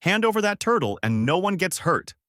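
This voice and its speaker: A gruff, threatening bear thief in armor, as a man reading the story puts him on. The lines are rough and menacing. The recording is dry and close. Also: high voice, big pitch swings, brisk, a bit bright, no echo, pitched above the performer's own voice.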